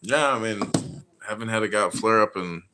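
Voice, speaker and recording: Deep-voiced, measured man host. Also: background noise. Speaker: podcast host. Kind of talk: casual chat.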